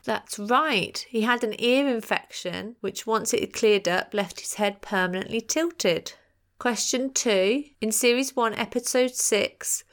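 A podcast host reads out quiz answers in a chatty, playful manner, tossing in jokey asides. Her voice is mid-range and a bit bright.

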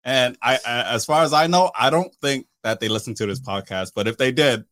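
A man's voice: medium pitch, brisk, no echo. A young man casually telling a rude party story to friends on a podcast, swearing and acting out what people said. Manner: animated, swearing, acts out quotes. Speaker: podcast host.

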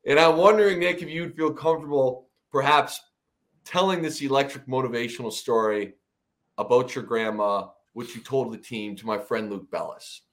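A man's voice: medium pitch, moderate pace. Casual male podcast host. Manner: loose, with many fillers, leading into a guest's story. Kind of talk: casual chat.

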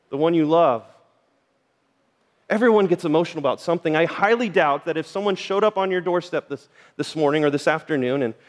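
A middle-aged man preaching with earnest, direct appeals to his listeners. His voice sits a little high for a man. The sound carries a long reverb from the church hall around him. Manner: earnest and direct, addressing the congregation. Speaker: pastor. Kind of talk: sermon.

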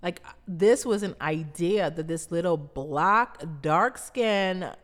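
Bahamian woman, unhurried and emphatic; preacher-like repetition, long hall reverb. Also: on the low side. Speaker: brand founder. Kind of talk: motivational talk.

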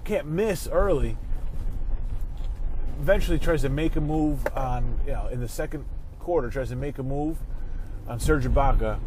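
A man talks sports from behind the wheel, swearing freely and breaking into angry rants at the traffic around him. His pitch sits in the middle of the range. A faint hum of background noise runs under his voice. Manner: profane, ranting, quick to angry outbursts. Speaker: show host. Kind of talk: casual sports talk rant. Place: in a car while driving.

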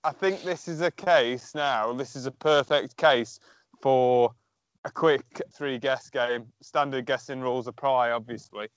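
A man's voice: medium pitch, unhurried, smooth, no room sound, highs cut off. A man co-hosting a podcast in casual chat, playful and teasing, stammering now and then. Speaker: podcast co-host.

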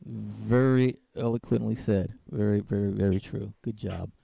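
Gravelly-voiced male podcast host. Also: fairly low pitch, fairly even intonation, moderate pace, mellow, no echo. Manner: rambling, lots of fillers and restarts. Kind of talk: casual interview chat.

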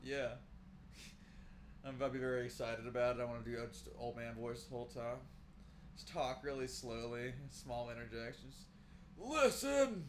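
Male podcast co-host, casual chat, rambling, swears freely, mid pitch. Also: little pitch movement, normal speed, slight background noise.

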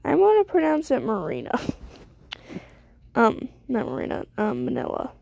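Gravelly young woman rambling on stream. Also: fairly high pitch, huge pitch swings, normal speed, a little mellow, no echo, dull audio. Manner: rambling, self-deprecating. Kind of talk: casual gameplay commentary.

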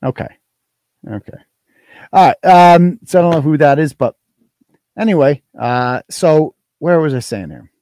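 A man's voice: fairly high pitch, measured pace, pauses often, dark tone, dry recording. A man hosting a live stream, reading donations and ranting in a profane, mocking, combative way. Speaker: live show host.

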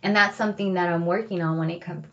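Woman host, personal storytelling, candid and reflective, lowish voice, lo-fi sound. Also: fairly even intonation, fast, fairly bright tone. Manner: candid, reflective, filler-heavy with "like" and "you know".

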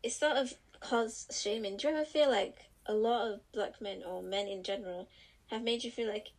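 A woman's voice: medium pitch, moderate pace, low-quality recording. Young Southern African woman chatting. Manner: searching for words, restarts mid-phrase. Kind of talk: casual chat.

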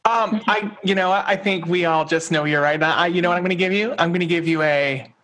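A man hosting a casual chat, playful and self-deprecating as he runs a quick game. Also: high voice, fairly bright tone. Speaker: host.

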